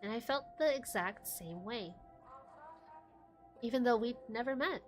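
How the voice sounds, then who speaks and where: A woman voicing a grieving ghost mother, speaking softly and mournfully, pleading with a faint quaver. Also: a little high, lively intonation, unhurried, faint music behind. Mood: wistful.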